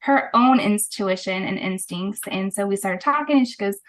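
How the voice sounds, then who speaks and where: A woman guest and holistic practitioner telling her story in a casual interview, animated and brisk with frequent laughs. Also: mid-range voice.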